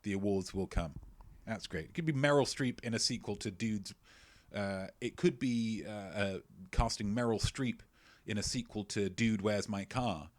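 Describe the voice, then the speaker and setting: A man's voice: on the low side, moderate pace, no echo. A man hosting a live-streamed quiz, joking playfully and mocking himself as he rambles, often stumbling and repeating his phrases. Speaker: quiz host.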